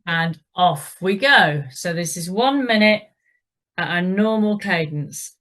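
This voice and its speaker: A woman's voice: fairly low pitch, animated, slow pace, a bit bright. A woman leading an indoor cycling class, giving encouraging instructions and calling out the pedaling rhythm.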